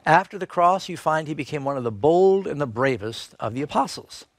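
A man teaching a Bible lesson in sermon style, retelling stories and rising sharply in pitch when he stresses a point. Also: lively intonation, brisk, no echo.

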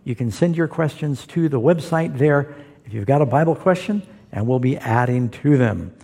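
A man's voice: mid-range voice, lively intonation, moderate pace, creaky, dark tone, husky. A man preaching as a pastor, explaining Bible verses to a live audience in an emphatic, explanatory way. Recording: long hall reverb.

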